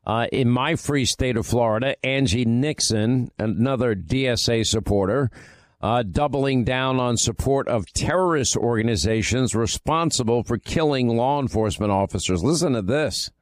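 Guy hosting talk radio, punchy and emphatic, dry close mic, mid pitch. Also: normal speed, dry recording. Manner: emphatic, repetitive, punchy delivery. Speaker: radio talk show host. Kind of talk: political talk radio monologue with live ad read. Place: radio studio. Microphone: close studio mic. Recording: dry close studio sound.

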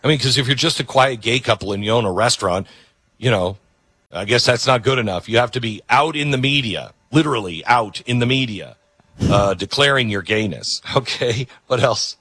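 Bright-voiced man hosting talk radio. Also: medium pitch, animated, normal speed, breathy edge, dry recording. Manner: incredulous, sarcastic, with mock role-play. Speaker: radio talk show host.

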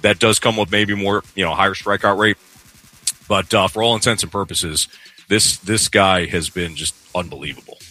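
A man's voice: low-pitched, steady tone, normal speed, sharp tone, faint music behind. A man hosting a sports radio show in a studio, talking casually and easygoing, laughing often and restarting his sentences. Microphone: studio microphone.

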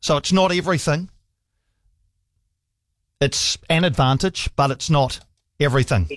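A man's voice: fairly high pitch, a little slow, dry recording. A man hosting sports talkback radio, chatting easily with callers and reading out messages. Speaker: radio sports talk host.

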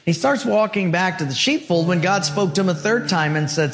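A man preaching a sermon, telling a story dramatically and swinging between loud and hushed. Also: fairly high pitch, animated, normal speed, over music. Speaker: pastor.

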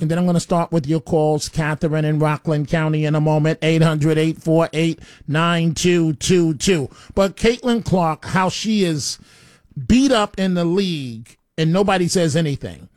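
A man's voice: a little high, normal speed, a little mellow, no echo, studio quality. A man hosting a call-in radio show, talking in a blunt, rambling way and often stammering on repeated words. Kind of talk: opinionated talk radio monologue. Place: radio studio.

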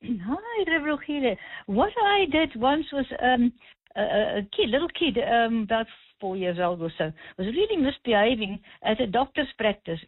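Phone caller: woman, husky and animated, firm storyteller, thin phone sound. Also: fairly high pitch, normal speed, dry recording. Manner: firm, storytelling, some hesitations. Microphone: telephone. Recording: tinny phone line.

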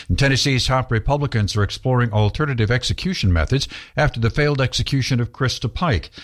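Man, radio newsreader, steady formal delivery, somewhat low voice. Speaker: local newsreader. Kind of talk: radio news bulletin.

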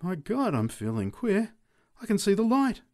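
A man voicing an excitable male drunk in a street crowd, calling out loudly. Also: high-pitched, moderate pace, pitched above the performer's own voice, exaggerated voice. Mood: awed. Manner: loud, excitable, slurring exclamations.

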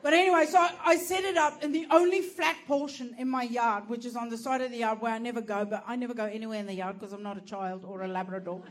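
A woman's voice: on the high side, fast talker, few pauses, some chatter behind, slight background noise. A woman telling a stand-up comedy story in a crude, profane, self-mocking way. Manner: lively, animated delivery.

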